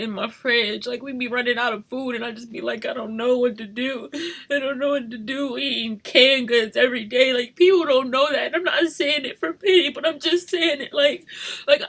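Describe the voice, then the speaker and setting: A young woman in an emotional confessional vlog, crying and talking softly at home. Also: high-pitched, steady tone, fairly quick. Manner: tearful, shifting between crying, soft whispers and rueful laughs. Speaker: vlogger. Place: home at night.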